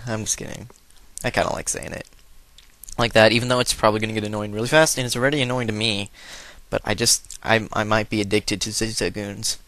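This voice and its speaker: A man's voice: on the low side, vocal fry, sharp tone, no echo. Young man rambling jokey game commentary. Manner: rambling, jokey, does silly voices for in-game characters. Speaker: let's play commentator. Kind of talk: casual gameplay commentary.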